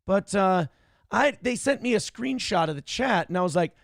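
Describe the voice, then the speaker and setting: Brash, gravelly, high-voiced male host. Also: expressive, moderate pace, dry recording, studio quality. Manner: brash, taunting and profane. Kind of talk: livestream morning show, reading donations.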